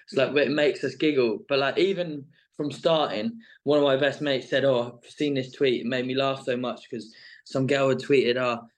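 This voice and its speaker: Male guest, middle-pitched, chatty and rambling. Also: fairly even intonation, normal speed. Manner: rambling, full of "like" and "sort of". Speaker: reality show contestant guest. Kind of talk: casual interview chat.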